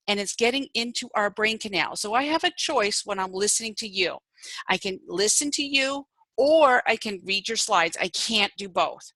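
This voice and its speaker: A woman giving an online presentation on communication styles, lively and demonstrative, varying her emphasis and pace. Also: a little high, no room sound, low-quality recording. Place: home setup on an online meeting.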